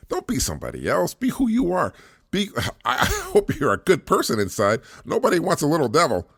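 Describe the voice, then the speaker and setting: Middle-aged dad rambling on his podcast, earnest, lots of restarts, very up and down voice, quiet music behind. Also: medium pitch. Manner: earnest and repetitive, laughs often, many restarts. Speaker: podcast host, single father. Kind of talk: solo podcast monologue.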